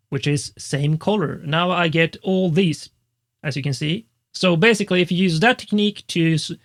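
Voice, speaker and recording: Male music educator, high and creaky voice, casual step-by-step tutorial delivery with lots of fillers. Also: fairly bright tone. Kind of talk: screen-recorded software tutorial.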